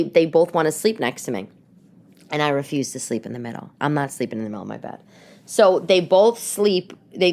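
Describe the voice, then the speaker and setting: A middle-aged woman with a New York accent hosts her own casual chat show. Her voice sits on the low side. She tells stories in an animated, rambling way, stopping and restarting her sentences. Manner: chatty, animated storytelling with frequent restarts. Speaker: podcast host.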